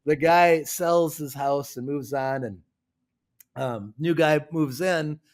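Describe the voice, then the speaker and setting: A man co-hosting a podcast, telling stories in a lively, casual and profane way. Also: on the high side, slow pace. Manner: animated storyteller, casual and profane. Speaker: podcast co-host.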